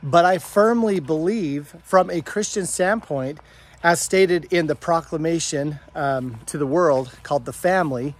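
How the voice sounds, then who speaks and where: Middle-aged guy rambling outside on his homestead, earnest, kinda high voice. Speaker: homesteader vlogger. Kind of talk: casual talk to camera. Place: outdoors on a farm, goat pen and orchard.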